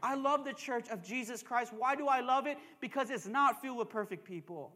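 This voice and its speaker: High-voiced male pastor preaching in a reverberant church. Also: a little fast, few pauses, bright, forceful tone. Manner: emphatic preaching with call-and-response asides; joking, conversational asides. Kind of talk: sermon. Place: church sanctuary. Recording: long reverb of a church hall.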